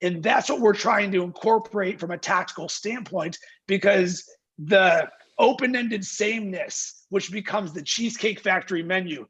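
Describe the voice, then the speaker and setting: At a normal speed, a high, fairly bright male voice comes over a lo-fi video call with slight background noise. The marketing agency founder gives energetic, emphatic interview answers, posing rhetorical questions and acting out what clients say.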